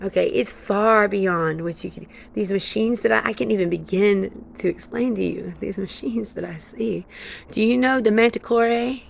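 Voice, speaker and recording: A woman vlogging in a rambling, excitable stream-of-consciousness monologue. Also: medium pitch, moderate pace, vocal fry, a little hiss or hum. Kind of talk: casual monologue.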